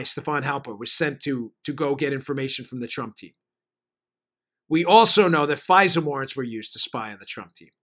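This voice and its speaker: On his political commentary podcast, a New York-accented host argues hard and rapidly and also does ad reads. He has a high, bright voice with a forceful tone.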